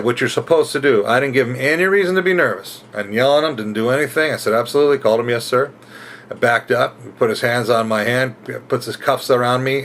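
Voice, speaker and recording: A middle-aged man tells a story in a casual, rambling way, restarting his sentences and acting out the shouted quotes. His voice sits at an ordinary middle pitch. A faint ambient hum runs beneath the recording. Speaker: rideshare driver telling a story. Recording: faint ambient noise behind.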